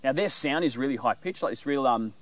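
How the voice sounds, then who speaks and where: Lively man. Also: medium pitch, fairly quick, very noisy. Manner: loose and rambling, breaks into bird call imitations. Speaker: presenter teaching animal call mimicry. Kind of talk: casual explanatory talk.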